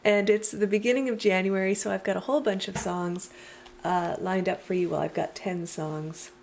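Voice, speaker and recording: A woman's voice: mid-range voice, steady tone, moderate pace, gravelly, darkish tone, a little hiss or hum. A young woman hosting her own live music stream, talking casually and rambling with asides. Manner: chatty and rambling, frequent ums and asides. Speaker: singer-songwriter hosting a weekly live stream. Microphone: computer webcam setup.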